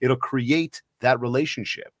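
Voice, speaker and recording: A man's voice: mid-range voice, measured pace, no room sound. Podcast host man, dry close sound. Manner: rambling, searching questions and lively storytelling. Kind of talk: casual conversational interview.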